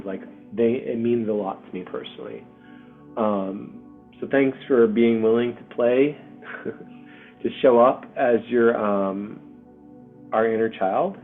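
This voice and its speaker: A man hosting a spiritual community video call, speaking softly and hesitantly with many pauses and ums. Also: fairly low pitch, steady tone. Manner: soft-spoken, hesitant, full of pauses and ums. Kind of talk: heartfelt spiritual community talk. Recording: tinny call audio with faint music.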